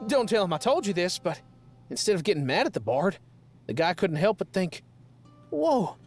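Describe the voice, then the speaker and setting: A gentle, kindhearted young country man voiced by a woman speaks with a folksy rural drawl in a low, lively voice. Game music plays clearly behind him. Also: moderate pace. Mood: somber.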